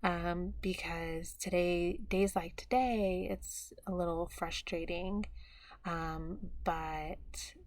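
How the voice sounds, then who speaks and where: Slow, soft-spoken, hesitant young woman. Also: on the low side, steady tone, dry recording. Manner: soft, hesitant, many pauses and fillers. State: low, tired mood. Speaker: vlogger. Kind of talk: personal video diary.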